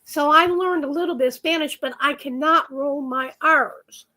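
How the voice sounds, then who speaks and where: A woman's voice: high-pitched, moderate pace, noisy background. A woman chatting casually on a livestream, telling stories and laughing easily. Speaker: livestream co-host. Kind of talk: casual live chat.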